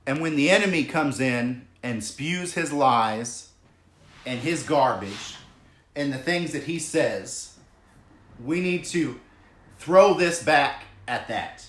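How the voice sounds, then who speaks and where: Slow, emphatic preacher in an echoey hall. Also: male voice, medium pitch, animated, a bit bright. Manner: earnest, emphatic, drawn-out preaching cadence. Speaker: pastor. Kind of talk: sermon. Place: church hall. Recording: echoey room.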